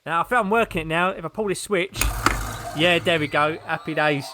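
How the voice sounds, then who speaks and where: A man's voice: a little high, a little fast, noisy background. A man co-hosting a podcast, chatting casually and making sweary jokes. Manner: jokey, sweary, laughs often. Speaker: podcast co-host. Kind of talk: casual chat.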